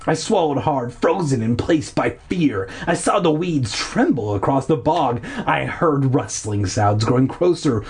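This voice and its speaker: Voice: mid-range voice, expressive, measured pace, hardly any pauses, darkish tone, husky. A reader narrating a children's horror book aloud, breaking off now and then for sarcastic asides.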